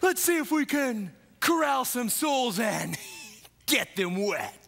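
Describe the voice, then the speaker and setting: A man in a church play voicing a brash, goofy evil priest-prince in a drawn-out comedic impression, recorded on video. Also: extremely high pitch, very animated, creaky, long reverb tail, a crowd in the background, background noise, exaggerated voice. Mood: hammy. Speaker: youth pastor acting in a church play. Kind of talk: amateur church play acting.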